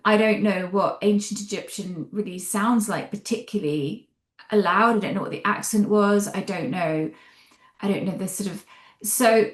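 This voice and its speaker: A woman author explains her craft in an animated, expressive voice, often hedging as she thinks aloud. Her voice sits at an ordinary middle pitch. The recording carries a noticeable roomy echo. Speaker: novelist discussing her book. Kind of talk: interview answers.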